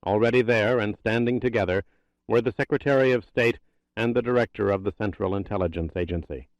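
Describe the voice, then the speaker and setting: A man reading a thriller audiobook in a tense, steady narration. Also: fairly low pitch, fairly quick, no echo, muffled recording.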